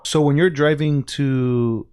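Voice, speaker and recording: A man's voice: on the high side, fairly even intonation, takes it slowly, darkish tone, clear, resonant tone. A man hosting a podcast, putting brief clarifying questions to his guest. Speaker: podcast host. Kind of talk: interview.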